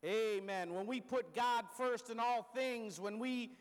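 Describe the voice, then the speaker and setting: A man preaching a sermon. He punctuates his lines with "Amen?", speeds through everyday examples and slows on key phrases, dropping low at the ends. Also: fairly even intonation, in a large hall.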